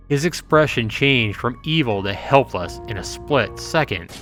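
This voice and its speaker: A man streaming a visual novel, reading the text aloud into a close mic and breaking into excitable outbursts. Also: mid-range voice, a little slow, few pauses, soft background music. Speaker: game streamer.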